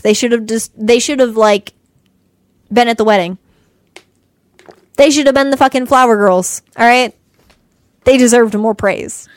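Young female podcast co-host, animated and sarcastic, salty language, slightly high voice. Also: dry recording. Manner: animated, sarcastic ranting with frequent swearing. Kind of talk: casual chat.

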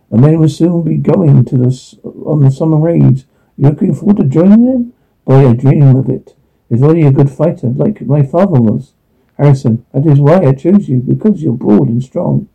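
A man reading a drama's dialogue and sound captions aloud, halting and restarting often. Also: medium pitch, gravelly, husky. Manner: halting, with frequent restarts and stumbles. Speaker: reader voicing all parts of a TV drama with captions. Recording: tinny phone-like recording.

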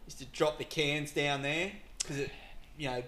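A man telling stories as a podcast guest in casual chat, animated, acting out dialogue and laughing often. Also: fairly high pitch, normal speed, reverberant, low-quality recording.

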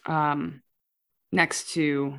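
A woman's voice: deep voice, flat delivery, extremely slow, clear, resonant tone. A woman playing a tabletop game, chatty and self-correcting as she describes her character. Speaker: player. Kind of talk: casual tabletop game play.

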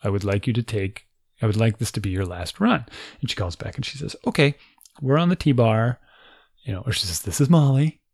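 A man's voice: fairly low pitch, animated, fairly quick, creaky, a little mellow, dry recording, clean studio sound. A man in his forties casually telling a funny family story, acting out quotes and laughing often.

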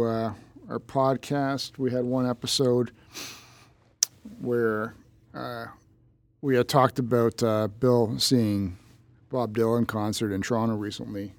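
A man's voice: mid-range voice, a little mellow, no echo. A man co-hosting a podcast in casual banter, blunt and grumpy, swearing often. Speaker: podcast co-host.

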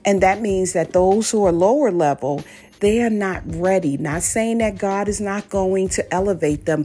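A woman's voice: fairly low pitch, a little mellow. A woman hosting a faith-based podcast, telling a personal story in a chatty way and then preaching firmly to listeners. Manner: conversational, anecdotal, then preachy and emphatic. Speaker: podcast host.

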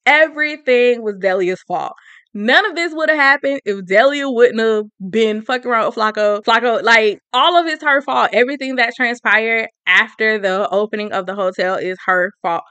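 A woman's voice: fairly high pitch, moderate pace, sharp tone, clean tone, dry recording. A woman casually recapping a story in an emphatic, opinionated, slangy way.

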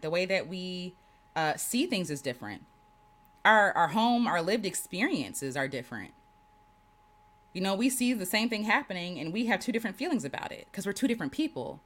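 A woman livestreaming casual talk to viewers as a creative coach, affirming and animated, repeating key phrases and laughing often. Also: mid-range voice.

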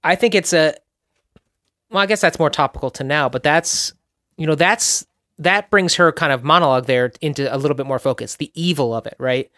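A man co-hosts a casual podcast, offering wry, dry-humored remarks. His voice sits a little high, recorded close and dry. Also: fairly quick, pushed and bright, no room sound. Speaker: podcast co-host. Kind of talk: casual rewatch chat.

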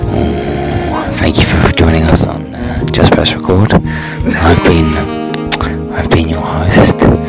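A man putting on a seductive, deep, slow-drawling voice to mock a podcast sign-off. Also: loud music behind the voice, full character voice.

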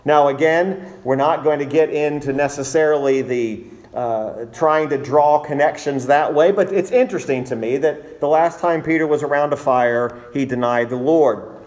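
Man preaching a measured sermon. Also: on the high side, darkish tone. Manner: measured preaching with emphatic repetition. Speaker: pastor.

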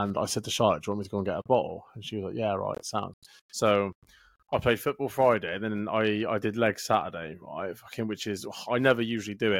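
A man's voice: on the low side, dry recording, studio quality. Sweary storytelling man in his thirties. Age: 30s. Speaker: podcast co-host. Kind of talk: casual chat.

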